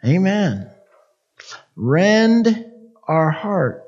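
A man preaching a sermon as pastor, reading scripture and swelling into loud, impassioned pleading prayer. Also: high-pitched, very animated, extremely slow, lo-fi sound.

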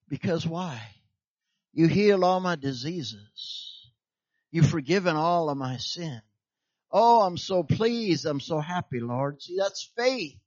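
A man's voice: a little high, animated, slow, dry recording, highs cut off. A man preaching a sermon in an emphatic, repetitive way, tossing questions out to his listeners for them to finish.

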